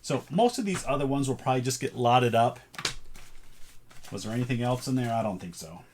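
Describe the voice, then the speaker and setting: A reseller shows off his thrift haul in casual vlog chat, thinking aloud as he sorts the items. His mid-range voice is a little mellow, fairly quick, and lively in intonation, with slight noise in the background.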